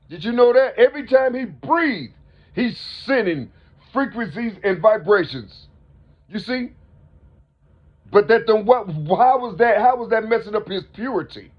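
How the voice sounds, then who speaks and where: High-pitched man, rambling spiritual monologue, constant "you see?", dull lo-fi sound. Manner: rhetorical, repetitive, keeps asking the listener "you see?". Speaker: speaker. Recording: dull lo-fi recording.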